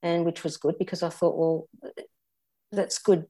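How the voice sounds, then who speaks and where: Older Australian woman, low candid voice. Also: level tone, warm tone. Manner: candid and reflective, halting with restarts. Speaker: interview guest. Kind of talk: personal storytelling.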